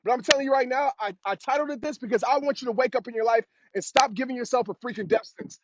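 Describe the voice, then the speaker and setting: A man's voice: extremely high pitch, fast. A man giving a motivational talk, preaching and repeating phrases for emphasis, out on a road. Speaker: motivational speaker. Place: outdoors on a road. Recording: dull lo-fi sound with clear hiss.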